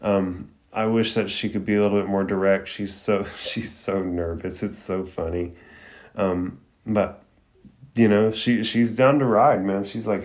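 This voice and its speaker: A man's voice: lowish voice, steady tone, a little slow, darkish tone. A man hosting a podcast, recapping an anime episode in a chatty, slangy way full of fillers.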